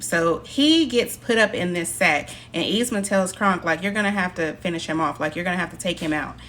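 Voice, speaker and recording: Woman narrator, casual film recap, middle-pitched, chatty, faint noise underneath. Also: fairly bright tone. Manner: chatty, quotes characters in her own voice with fillers like "like". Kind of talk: casual plot retelling.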